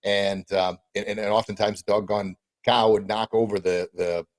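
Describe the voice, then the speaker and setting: A man hosting a podcast interview, energetic and encouraging, often repeating words as he goes. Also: on the low side, normal speed, no room sound. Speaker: podcast host.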